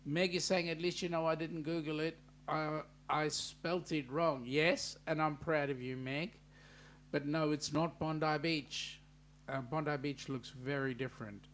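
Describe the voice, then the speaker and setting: A man's voice: on the high side, fairly even intonation, unhurried, fairly bright tone, a little hiss or hum. A man with an Australian accent hosting a casual live stream, chatting easily and reading out viewer comments. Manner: chatty, easygoing banter with viewers.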